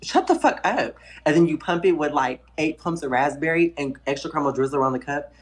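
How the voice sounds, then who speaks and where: A woman's voice: low voice, steady tone, quick pace. A woman in her twenties guesting on a casual stream chat, sassy, playful and blunt. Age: 20s.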